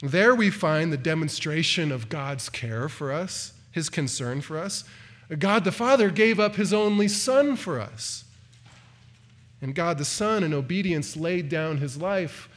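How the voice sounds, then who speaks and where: A man's voice: fairly high pitch, a bit bright. A man preaching an expository sermon, earnest, rising in emphasis on quoted cries, with occasional stumbles and restarts. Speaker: pastor.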